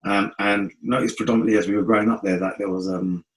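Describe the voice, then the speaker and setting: A man with a London accent, a guest telling stories in a casual interview, animated and rambling, acting out the people he quotes. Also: fairly low pitch, poor audio. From North West London. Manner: animated, acts out quoted voices, fast rambling. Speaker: guest musician.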